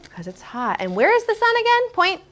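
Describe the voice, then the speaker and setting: A woman teaching a first-grade language lesson, encouraging and animated, reading lines aloud slowly and rhythmically. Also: very high voice.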